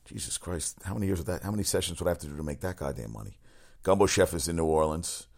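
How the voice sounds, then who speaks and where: A man's voice: low-pitched, fast. A middle-aged man hosting casual sports talk, rambling and swearing as he tells stories and reacts to the news. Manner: rambling, profane, animated storytelling. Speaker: sports talk show host.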